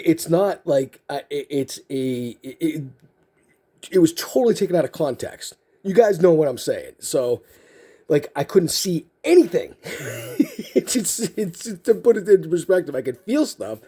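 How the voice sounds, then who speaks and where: Husky-voiced man rambling through a story. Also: mid-range voice, lively intonation, moderate pace, dark tone. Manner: rambling, many fillers and restarts. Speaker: card collecting video host. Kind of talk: casual storytelling.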